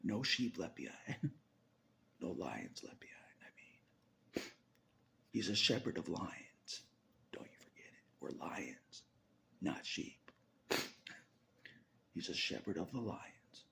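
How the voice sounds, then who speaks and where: A very low, gravelly male voice that swings widely in pitch and often drops to a whisper. He rambles in a casual personal monologue to his viewers and laughs between his thoughts. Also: sing-song, slow pace, pauses often, a bit bright.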